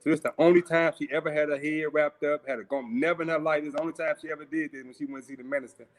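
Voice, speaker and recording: A man's voice: fairly high pitch, fairly even intonation, rapid-fire. Middle-aged man telling a personal story. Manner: conversational, repeats words, acts out voices in quotes. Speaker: guest. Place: home, remote video call. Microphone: video call.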